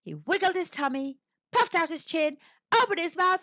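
A woman narrates a children's picture book with a bright, animated voice that rises and falls. Her storytelling is expressive and aimed at young listeners. The recording is dry and a touch muffled. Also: sits high, moderate pace, no room sound. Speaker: storybook reader. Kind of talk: children's read-aloud narration. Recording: dry, slightly dull recording.

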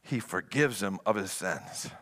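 Guest pastor, male, bright voice, very lively delivery. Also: deep voice, unhurried. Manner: animated, playful preaching. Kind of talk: sermon.

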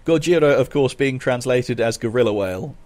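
A man's voice: lowish voice, brisk, a little mellow. Chatty man hosting a podcast. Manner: chatty, rambling with many fillers. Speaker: podcast host. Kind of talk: casual chat.

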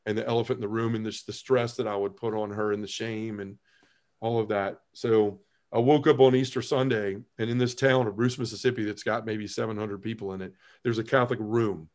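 A man's voice: fairly even intonation, a little mellow. Earnest man telling his testimony. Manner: earnest storytelling, halting restarts, drops low when emotional. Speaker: podcast guest. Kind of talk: personal testimony in conversation.

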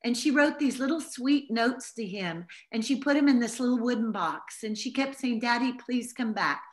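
A woman's voice: fairly high pitch, moderate pace, a little mellow. A middle-aged woman giving an informal Bible teaching to a small group, telling stories in an earnest, heartfelt way.

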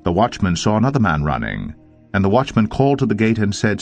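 A man reading scripture aloud in a measured, deliberate narration. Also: sits low, lively intonation. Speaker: audio Bible narrator. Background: faint music.

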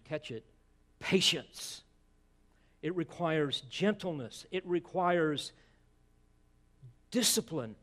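A man's voice: medium pitch, fairly bright tone. A man preaching an expository sermon as pastor, emphatic, with rhetorical asides and repeated words as he presses a point.

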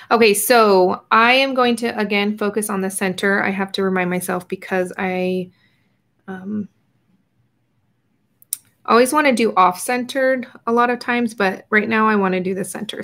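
A young woman hosts an art journaling livestream, casually chatting with viewers as she paints and sometimes drifting off into quiet murmurs. Her mid-range voice holds a steady tone at normal speed.

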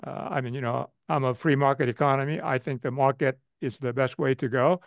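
A man's voice: mid-range voice, steady tone, brisk, creaky, dry recording. Older man, dry close sound, many fillers. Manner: frequent fillers, repeats phrases. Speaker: economist guest speaker. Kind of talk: webinar Q&A answer.

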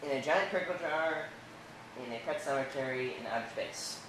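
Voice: medium pitch, normal speed. Laid-back improv host in a very echoey room. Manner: laid-back, laughs often. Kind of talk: hosting a casual improv game. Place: living room at home. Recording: very echoey room with background noise.

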